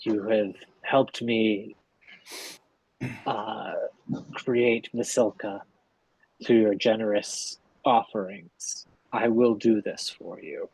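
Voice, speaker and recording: A man voicing a gentle, solemn abbot who speaks in a slow, measured and sympathetic way. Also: lowish voice, lively intonation, vocal fry, breathy edge, no room sound, exaggerated voice, poor audio.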